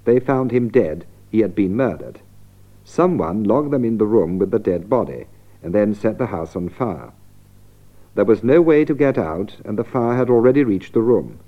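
A man narrating a scripted language lesson, clear and deliberate, restating ideas for emphasis. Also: lowish voice, expressive, muffled recording. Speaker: narrator and presenter of an English lesson.

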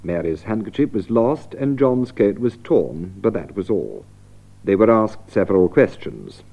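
Man, lesson narrator, clear and measured, low voice with lively pitch, slightly dull lo-fi recording. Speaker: narrator and presenter. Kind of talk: scripted narration for English learners.

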